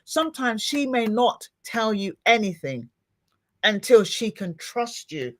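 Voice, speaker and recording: A woman's voice: a little high, a little slow. A middle-aged woman hosting a podcast, chatting casually and acting out little scenes as she talks. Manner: animated, expressive, acts out little scenes. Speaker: podcast host. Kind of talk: casual interview chat.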